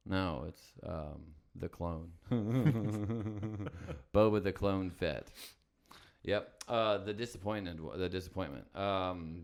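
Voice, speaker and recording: A man co-hosting a comedy podcast, rambling in casual banter with sudden loud bursts. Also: sits low, slow pace, clear, resonant tone.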